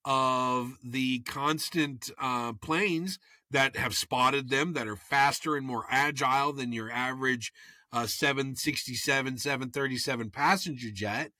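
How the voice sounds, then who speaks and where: A man co-hosting a podcast, talking loudly and teasing his co-host in casual chat. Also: mid-range voice, a little slow, no echo, clean studio sound. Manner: loud, animated, teasing.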